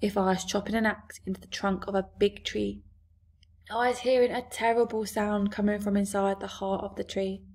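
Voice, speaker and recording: A woman's voice: mid-range voice, steady tone, normal speed, darkish tone, close to an everyday voice. A woman voicing a big friendly male giant who talks earnestly in broken grammar.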